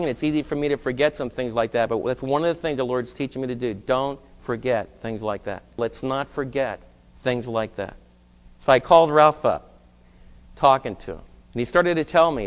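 A man's voice: medium pitch, clear, resonant tone, big-room sound. A man preaching a sermon, reading scripture and telling a personal story in an earnest way. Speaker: pastor.

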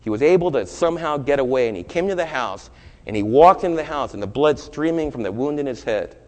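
A man who is a pastor delivering a sermon, moving from loud, urgent preaching to hushed, low storytelling. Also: expressive, fast, big-room sound.

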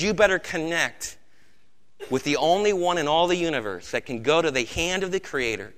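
An American man preaches with fervor, his high, bright voice rising to loud outbursts and dropping to hushed tones. The sound carries a long reverb from a large hall. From United States. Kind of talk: sermon.

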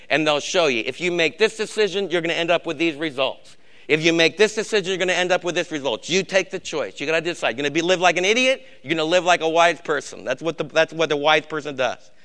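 Older man preaching, bright clear voice. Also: fairly high pitch, fast talker. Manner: exhorting, swings from quiet to shouting. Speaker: pastor. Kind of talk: sermon.

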